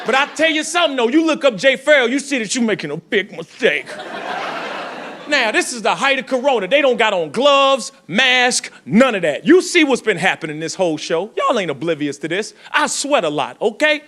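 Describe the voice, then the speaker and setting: A man doing a stand-up comedy set, telling a story with shouted punchlines and quick switches into voices. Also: very high-pitched, sing-song, some chatter behind, slight background noise. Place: comedy club with audience.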